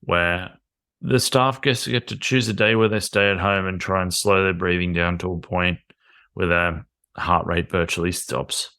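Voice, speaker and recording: A man's voice: low voice, fairly even intonation, moderate pace, gravelly, bright, forceful tone. Chatty, joking male podcast host. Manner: joking, chatty, laughs often. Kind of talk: casual chat.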